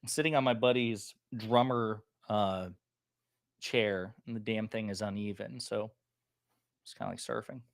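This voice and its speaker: A man hosting a political commentary livestream, chatting casually and reading viewer comments, with a lingering cough that makes him clear his throat. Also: lowish voice, steady tone, measured pace, no echo, clean studio sound. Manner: loose, chatty and joking.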